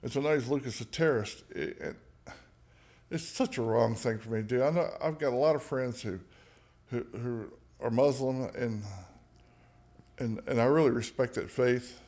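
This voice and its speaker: A man's voice: mid-range voice, moderate pace, a little mellow. Frank, joking man telling stories. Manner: frank, profane, joking, many restarts. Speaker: podcast guest, songwriter. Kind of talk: candid conversational storytelling.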